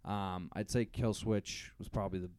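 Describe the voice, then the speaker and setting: Self-deprecating young man, low mellow voice. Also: fairly even intonation, moderate pace, smooth, dry recording. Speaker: podcast co-host. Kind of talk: casual chat.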